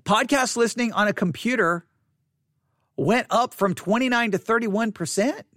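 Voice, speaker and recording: A podcaster talks alone into a close-up studio microphone, commenting on listener statistics with incredulous asides and many restarts. The voice is medium in pitch and a bit bright, at a moderate pace, with no room sound.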